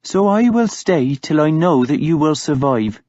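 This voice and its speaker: A man's voice: on the high side, lively intonation, a little slow, darkish tone, dry recording, pitched above the performer's own voice. A tart, devout young woman with a lifted, lilting voice, as a male reader puts her on. She speaks in a reproving, earnest way, set against a dry, dull lo-fi audiobook recording. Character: stern pious young woman, tart and caring.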